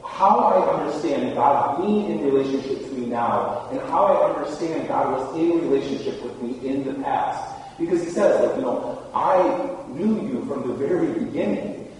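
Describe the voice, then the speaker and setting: A man's voice: fairly high pitch, a little mellow. A man preaching a casual, conversational sermon, full of fillers, and laughing easily. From Michigan. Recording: very echoey hall, far from mic.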